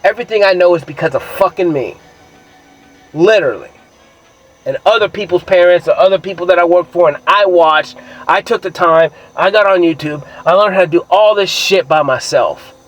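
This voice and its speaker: A man's voice: high-pitched, moderate pace, a bit bright, poor audio. A young man telling a rambling, profane personal story in a casual monologue, brash and self-assured, with lots of filler words. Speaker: vlogger.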